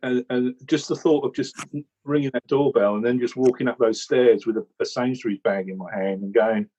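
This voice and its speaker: Casual male storyteller from England, husky, rambling and animated, muffled call audio. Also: mid-range voice, a little fast. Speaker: regular commentator recalling how he joined. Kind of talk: casual chat.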